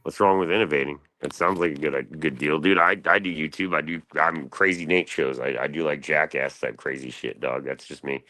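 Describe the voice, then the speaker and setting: A young man with a drawl and an extremely low, deep voice. He rambles through casual stories in a slangy, loose way, full of fillers and asides. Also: steady tone, brisk, few pauses, bright, forceful tone. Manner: laid-back, slangy, loose storytelling with lots of fillers. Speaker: guest on a live panel stream.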